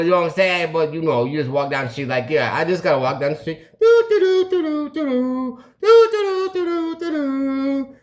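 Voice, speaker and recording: A fairly high-voiced man talks straight to his camera in a loose, animated storytelling flow. He acts out phone calls, breaks into sound effects and keeps saying "you know what I'm saying.". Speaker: recovery channel host. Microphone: video camera.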